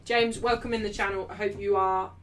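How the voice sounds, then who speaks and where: A woman's voice: medium pitch, fairly even intonation, a little fast, recorded from a distance, a little hiss or hum. A young English woman hosting a live football watchalong, reading out super chats in blunt, sweary casual chat. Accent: English, not Mancunian. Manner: blunt, swears freely, loud and defensive, then apologetic. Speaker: livestream host of a football watchalong.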